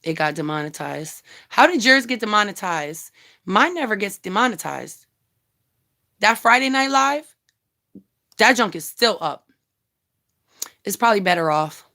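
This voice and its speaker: A woman's voice: mid-range voice, sing-song, unhurried, gravelly, pauses often, pushed and bright. A woman vlogger ranting bluntly and heatedly on a casual live stream, swearing freely and talking straight to her viewers. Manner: chats directly with viewers. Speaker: YouTube commentary vlogger.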